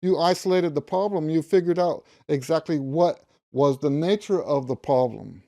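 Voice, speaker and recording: A music teacher in his fifties explains a practice method to camera in a slightly high, gravelly, mellow voice at a moderate pace. He's emphatic, repeating key words and humming note syllables.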